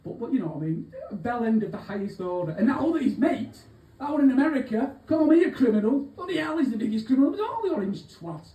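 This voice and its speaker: A comedian voices an old-school Manchester crook, cheeky and getting on in years, for a live character set at a pub venue, full of profanity and asides in a mellow tone. His pitch is extremely high and sing-song, his pace quick, and he sounds distant from the mic in an echoey room with faint background chatter.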